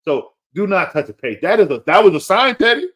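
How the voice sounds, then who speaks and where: A man's voice: sits high, big pitch swings, quick pace, a bit bright. A man hosting a fantasy football show, ranting casually and repeating his warnings to a listener, playful and laughing at himself. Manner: emphatic and repetitive, pleading with a listener. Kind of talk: casual opinionated rant.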